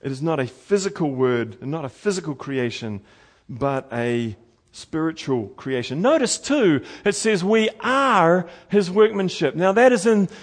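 A middle-aged man preaching a sermon as pastor, earnest, slowing down to stress key words. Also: a little high, lively intonation.

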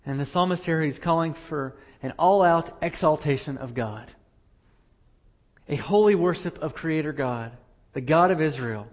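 Man, pastor, sermon, earnest, repeats phrases, slightly higher pitch. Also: normal speed.

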